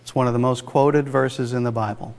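Male preacher, mid-pitched, chatty but emphatic sermon delivery, long hall reverb. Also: steady tone, brisk, darkish tone. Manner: conversational, emphatic, rhetorical asides.

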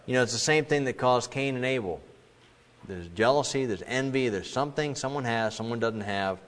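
A middle-aged man preaching a sermon in a conversational way, now and then acting out quoted voices with sudden jumps in pitch. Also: brisk, a bit bright. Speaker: pastor. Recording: long reverb of a large hall.

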